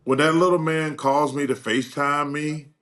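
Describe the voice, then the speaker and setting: An older man telling stories as a guest in a casual chat, acting out quoted dialogue with lively energy. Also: on the high side, moderate pace. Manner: animated, acts out quoted dialogue.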